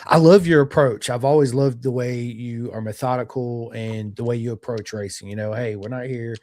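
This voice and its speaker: A man's voice: medium pitch, fairly even intonation, normal speed, darkish tone, slight background noise. Laid-back, affirming podcast host man. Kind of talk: casual podcast chat.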